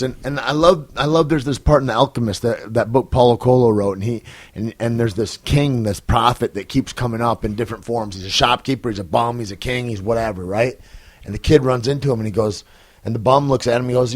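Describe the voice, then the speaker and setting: A man hosts a casual podcast with a mid-pitched voice. He tells stories earnestly and with growing energy, often restarting with "and, and" before pressing on. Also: quick pace, no echo. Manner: earnest, animated storytelling with many "and, and" restarts. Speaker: podcast host. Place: comedy club.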